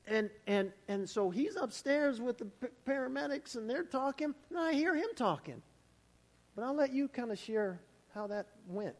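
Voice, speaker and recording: A male pastor giving a sermon, shifting from scripture readings into a lively conversational story. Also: very high voice, normal speed. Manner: conversational storytelling, animated retellings. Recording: hall reverb.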